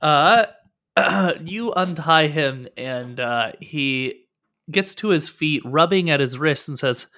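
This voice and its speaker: A man running a tabletop game, describing the scene in a loose, unhurried, improvised way. His voice sits a little high for a man. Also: expressive, bright, forceful tone. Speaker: game master.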